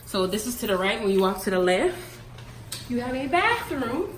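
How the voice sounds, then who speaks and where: Her voice sits slightly high and has a sing-song lilt, moving at a moderate pace. She's a young woman chatting playfully to her phone camera at an airport and a hotel room, addressing "guys" and "y'all" in a noisy, casual vlog.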